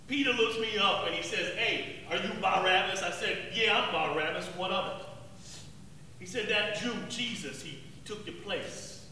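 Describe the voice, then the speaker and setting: A man playing a rough, remorseful zealot in a dramatic first-person monologue, talking in an emphatic, street-tough way and repeating words. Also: high-pitched, a little slow, bright, forceful tone, a little hiss or hum, full character voice. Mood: wry, subdued. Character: rough, remorseful male zealot recalling the crucifixion. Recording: echoey hall, distant mic, faint ambience.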